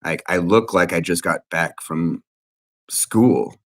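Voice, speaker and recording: Man, 30s, very deep voice, agitated, swearing, halting restarts, personal account. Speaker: interviewee.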